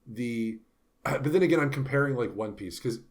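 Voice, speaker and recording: A man co-hosting a casual book discussion, animated, dropping into playful voices when he retells scenes. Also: medium pitch, moderate pace. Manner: animated, puts on character voices when quoting. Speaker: podcast co-host.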